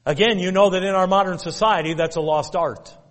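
A man's voice: high voice, steady tone, fairly quick. A middle-aged man preaching a sermon, telling folksy stories and repeating commands with emphasis. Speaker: pastor. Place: church sanctuary. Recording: long reverb of a church hall.

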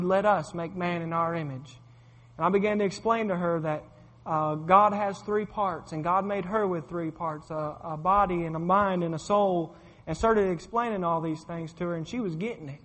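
A high-voiced man preaching and telling a story from the pulpit. He talks in a folksy, rambling way, often stopping to say "I said" and "uh". His voice rings out with a long, lingering reverb. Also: fairly bright tone. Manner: folksy storytelling with many fillers and repeated "I said". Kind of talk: sermon testimony.

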